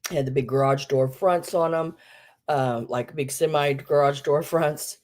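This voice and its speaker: A woman's voice: deep voice, fairly even intonation, moderate pace, darkish tone. A woman hosting a live vintage sale, chatting casually and rambling with many ums, a bit out of breath. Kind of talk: casual live-stream chat.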